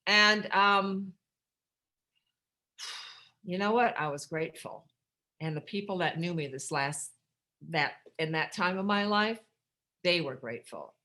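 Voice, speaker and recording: A woman's voice: lowish voice, unhurried, long pauses, sharp tone. Candid middle-aged woman telling her story. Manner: rambling, candid, darkly humorous, with restarts. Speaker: recovery workshop speaker. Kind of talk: personal storytelling share.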